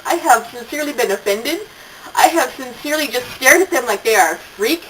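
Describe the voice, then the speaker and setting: A woman's voice: a little high, sing-song, quick pace, noisy background. Chatty older woman, slightly distant mic. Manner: chatty storytelling, acts out quoted voices, laughing asides. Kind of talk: casual monologue.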